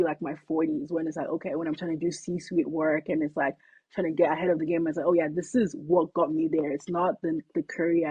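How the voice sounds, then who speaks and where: A woman's voice: lowish voice, husky, no echo. Chatty young Nigerian-raised woman, muffled. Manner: chatty, animated, filler-heavy with many "like"s. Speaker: guest, company founder. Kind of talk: casual interview conversation.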